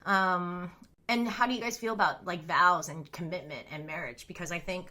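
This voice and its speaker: A woman in her thirties talks candidly to her viewers in a casual, rambling storytelling chat. Her voice is bright and forward, her asides are loose and full of fillers, and she breaks into laughter often. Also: lowish voice, moderate pace. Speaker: streamer and storyteller.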